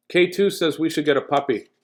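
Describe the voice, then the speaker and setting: A man reading a bedtime picture book aloud, breaking off for playful, jokey asides to his listeners. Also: fairly high pitch. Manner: jokey, animated, chatting to listeners. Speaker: storyteller reading a bedtime story.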